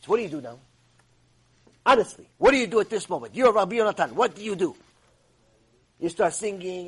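A man giving an animated sermon lecture, telling stories and asking his listeners questions. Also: high voice, fairly quick, gravelly, pauses often, breathy edge. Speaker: rabbi teacher.

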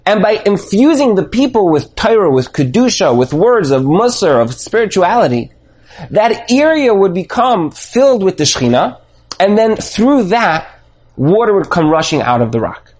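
A man's voice: high voice, normal speed. A man giving a Torah lesson on the weekly portion, telling the story animatedly and thinking aloud with restarts. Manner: animated storytelling, acts out dialogue. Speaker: Torah teacher.

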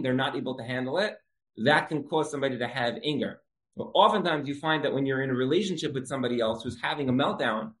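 A man teaching a Torah lesson in a conversational storytelling style, repeating key phrases for emphasis. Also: a little high. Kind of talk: religious lecture with storytelling.

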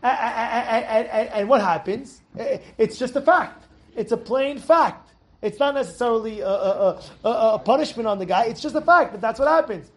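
A man's voice: extremely high pitch, moderate pace. A man giving an informal Torah lesson, full of rhetorical questions and repeated, restarted words. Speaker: Torah teacher.

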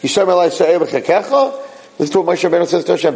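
A man teaching a Torah class in a lively way, mixing in Hebrew phrases and acting out quotes with sudden high outbursts. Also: quick pace, gravelly, low-quality recording.

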